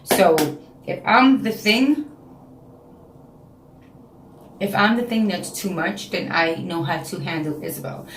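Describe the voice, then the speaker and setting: A woman's voice: lowish voice, animated, takes it slowly, pauses often, echoey room, a little hiss or hum. Frank New York woman venting at home. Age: 30s. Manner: frank, emotional, talks in repeated phrases. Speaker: vlogger. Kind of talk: casual confessional vlog. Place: home, indoors.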